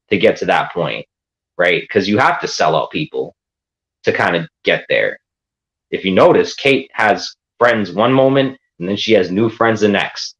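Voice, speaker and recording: Low-voiced man ranting profanely on a livestream. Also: muffled recording. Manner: profane, defiant, rambling. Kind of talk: livestream rant.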